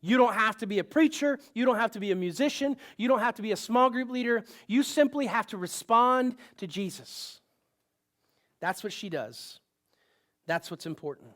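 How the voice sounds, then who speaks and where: A man's voice: high-pitched, lively intonation, normal speed, a bit bright. A male pastor giving a sermon in a conversational style, with asides and bursts of rising emphasis.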